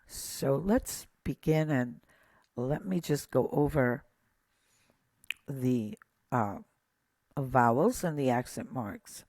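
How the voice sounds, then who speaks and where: A patient teacher speaks slowly and methodically, pointing out details one at a time. The voice sits close and dry, with no room sound. Small pauses and fillers break up the explanation. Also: mid-range voice, darkish tone, no echo. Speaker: Hebrew teacher. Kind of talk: slow lesson.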